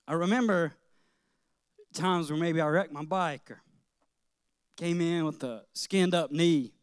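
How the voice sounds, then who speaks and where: A man's voice: on the high side, slow pace, smooth, dry recording, studio quality. A middle-aged man, a pastor, preaching a sermon in an earnest, personal way, telling childhood stories with light laughter.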